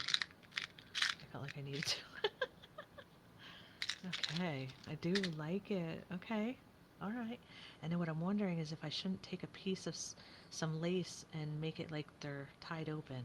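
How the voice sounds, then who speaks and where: A woman's voice: sits low, normal speed, noisy background. A woman chatting casually as she works on a craft project, thinking aloud and often dropping to a whisper.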